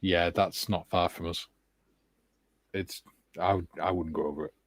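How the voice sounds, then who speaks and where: A man's voice: low voice, steady tone, a little slow, no room sound. A man co-hosting a hobby livestream, chatting casually and laughing often as he reads out viewer comments. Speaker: livestream co-host. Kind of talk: casual chat. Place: home studio, on a video call.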